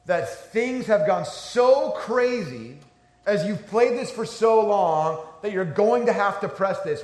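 Animated man preaching in echoey room. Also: high-pitched, slow pace. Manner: storytelling, animated, conversational. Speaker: pastor. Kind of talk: sermon.

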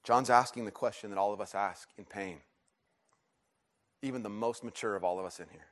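A middle-aged male pastor delivers a sermon to a church congregation. He tells personal stories with lots of restarts and swings from quiet, low reflection up to loud, pleading questions. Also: brisk, pauses often. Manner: animated storytelling, restarts and rising emphatic questions. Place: church service.

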